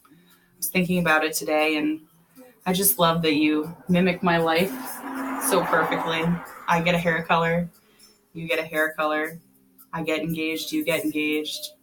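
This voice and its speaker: A woman's voice: low-pitched, completely flat delivery, moderate pace, fairly bright tone, slight background noise, low-quality recording. A young pregnant woman co-hosting a casual talk show, teasing and laughing a lot. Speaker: co-host. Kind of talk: casual chat.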